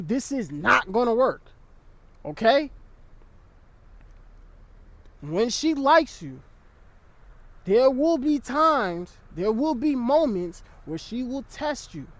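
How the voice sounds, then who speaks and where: High-voiced young man giving blunt advice. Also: no echo. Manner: blunt and profane, keeps checking in with "okay?". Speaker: dating advice creator. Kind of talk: casual advice vlog.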